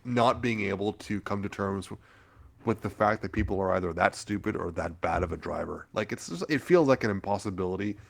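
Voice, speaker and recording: A man's voice: fairly low pitch, a little fast, vocal fry. A man co-hosting a podcast in casual chat, laid-back, laughing often and swearing freely. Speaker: podcast co-host.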